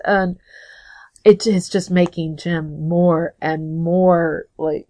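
A woman's voice: on the low side, steady tone, slow, mellow. A woman co-hosting a podcast, chatting playfully and with amusement about a TV episode. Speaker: podcast co-host. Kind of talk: casual TV recap chat.

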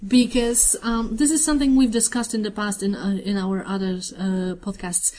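A woman's voice: mid-range voice, mellow. A woman co-hosting a podcast, chatting casually and enthusiastically about a TV episode, rambling with many fillers. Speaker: podcast co-host. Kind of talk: casual TV recap chat.

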